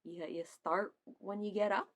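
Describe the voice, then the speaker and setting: A woman's voice: mid-range voice, fairly even intonation, measured pace. A young woman vlogging casually, laughing often, swearing and putting on playful silly voices. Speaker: vlogger reacting to memes. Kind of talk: casual chat.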